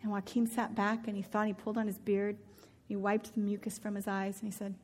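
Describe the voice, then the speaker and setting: A woman telling a story aloud in a lively, expressive way. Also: medium pitch, fairly quick. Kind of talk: spoken storytelling.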